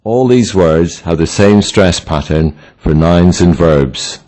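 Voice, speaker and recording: A man reading a scripted language lesson in a slow, deliberate, instructional way. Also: low-pitched, dark tone. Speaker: language teacher. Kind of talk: scripted narration.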